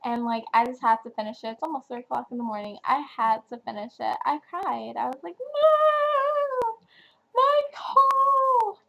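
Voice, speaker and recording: A woman's voice: on the high side, quick pace, gravelly, few pauses, dull audio. A young woman from New Jersey reviewing a book in a casual vlog, chatty and full of fillers. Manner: chatty, filler-heavy, gushing. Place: home, at night.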